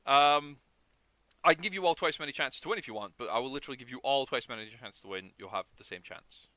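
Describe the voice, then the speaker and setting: A man's voice: mid-range voice, expressive, fast, pushed and bright, no room sound. A man hosting a charity stream over a video call, chatting in a rambling, jokey way. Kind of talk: casual chat.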